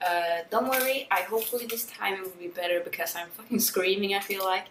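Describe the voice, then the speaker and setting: A woman's voice: medium pitch, steady tone, fast, a bit bright, echoey room, distant mic, slight background noise, low-quality recording. Young Swedish-accented woman chatting casually. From Sweden. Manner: casual, frank, swears freely, laughs often. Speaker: beauty vlogger. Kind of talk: chatty get-ready-with-me vlog. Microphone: camera-mounted mic, a little far.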